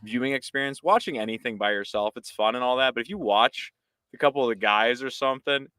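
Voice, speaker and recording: A man's voice: medium pitch, quick pace, smooth, dry recording, clean studio sound. A man on a podcast panel, telling film moments with enthusiasm. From United States. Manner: enthusiastic, animated storytelling. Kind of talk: casual film discussion.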